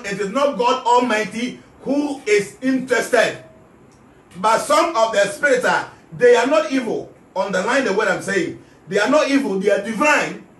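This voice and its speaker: A man's voice: extremely high pitch, a bit bright, roomy sound, recorded from a distance. A man with a Ghanaian accent giving an emphatic spiritual talk, repeating his key phrases. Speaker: spiritual teacher.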